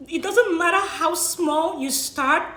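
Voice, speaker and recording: A woman's voice: extremely high pitch, takes it slowly, pushed and bright, reverberant. A young woman vlogging about paying off her loans, teary and sniffling, apologizing and laughing through her tears. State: tearful, sniffling. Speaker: vlogger sharing money tips. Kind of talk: emotional personal vlog.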